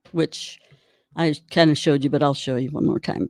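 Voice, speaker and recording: A woman's voice: sits low, fairly even intonation, moderate pace, a little mellow, no echo, studio quality, faint music behind. A woman giving an online drum clinic, chatty and encouraging while she demonstrates rudiments. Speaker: drum instructor.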